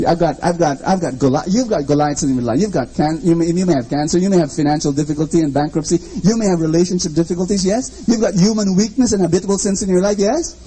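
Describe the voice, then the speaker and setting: A man's voice: on the high side, fast talker, few pauses, warm tone, breathy edge, low-quality recording. A man preaching a sermon, emphatic and repetitive, with lots of rhetorical questions and dramatic storytelling.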